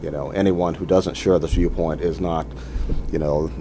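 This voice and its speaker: Interview guest, a man, very low voice, measured, thinking aloud, faint hiss behind. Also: steady tone. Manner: measured, many "you know" fillers. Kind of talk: conversational interview.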